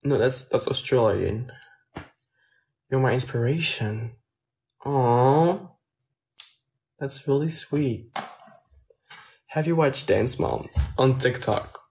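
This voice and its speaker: An unhurried man with a French accent talks on a phone livestream, taking his time between words. His speech is soft and halting, with a mid-range pitch, and he often trails off as he answers viewer comments. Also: creaky. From France. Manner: soft-spoken, hesitant, trailing off. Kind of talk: casual livestream chat.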